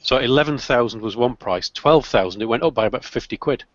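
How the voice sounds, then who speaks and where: A man's voice: medium pitch, fast talker, dry recording. A British man hosts a casual group chat. He tells stories with a dry sense of humour. His voice sounds close and dry, and the audio is slightly muffled. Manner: chatty, storytelling with dry humour. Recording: dull lo-fi call audio.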